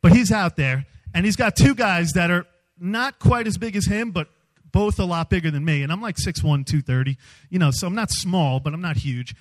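A man speaking as a youth speaker, giving a humorous storytelling sermon in an animated, self-mocking way. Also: high-pitched, normal speed, low-quality recording.

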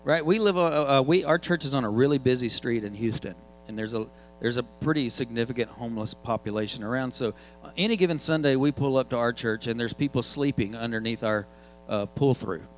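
Joking preacher telling a story. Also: male voice, medium pitch, fairly quick, slight background noise, low-quality recording. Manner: casual, joking, animated storytelling. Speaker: guest preacher. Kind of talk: sermon storytelling.

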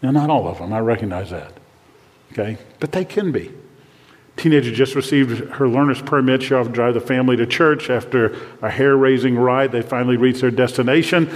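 An older man preaching a sermon to fathers, earnest and dropping to a hushed voice when praying. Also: medium pitch, a little fast, big-room sound. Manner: earnest, drops to a hushed voice for prayers. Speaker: pastor.

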